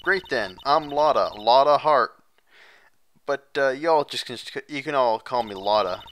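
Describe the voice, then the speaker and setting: A man's voice: mid-range voice, expressive, unhurried, a bit bright, a little hiss or hum. Lotta Hart, a man doing a brassy Southern country gal. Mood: folksy. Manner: heavy exaggerated drawl, brassy and blunt. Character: loud brash Southern country woman photographer. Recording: game music behind the voice.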